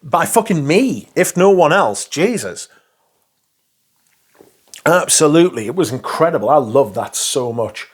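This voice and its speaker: A man's voice: fairly high pitch, sing-song, unhurried, pauses often, slightly rough. A man chatting casually and enthusiastically about perfumes, swearing freely and rambling between thoughts. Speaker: fragrance reviewer. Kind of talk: casual chat.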